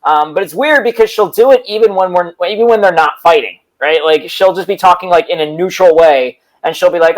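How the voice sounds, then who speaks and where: A man's voice: a little high, fairly quick, few pauses, poor audio. A man doing a rambling stand-up bit on a comedy show, full of fillers and asides. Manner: rambling, filler-heavy storytelling.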